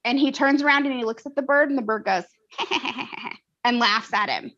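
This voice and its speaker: An American woman hosting a casual conversation, an animated storyteller who mimics voices. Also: on the high side, quick pace, muffled recording.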